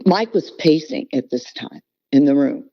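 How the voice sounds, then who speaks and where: A woman's voice: low-pitched, animated, a little slow, dry recording. A middle-aged woman, a podcast guest, telling a personal story earnestly and with feeling. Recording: dull, lo-fi podcast audio.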